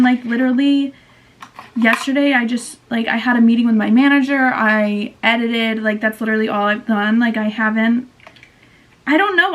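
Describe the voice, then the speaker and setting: A young woman in her twenties talks straight to camera in a loose, rambling vlog. Her voice sits a little high, and her chat runs on with constant fillers and self-corrections. She sounds worn out and low on energy. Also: slight background noise. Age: 20s. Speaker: vlogger.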